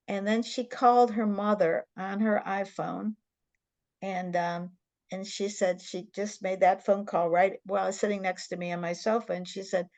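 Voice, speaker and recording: A woman's voice: medium pitch, darkish tone, no echo. An older woman hosting an interview, telling a story in an earnest, emphatic way over a video call. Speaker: interview host.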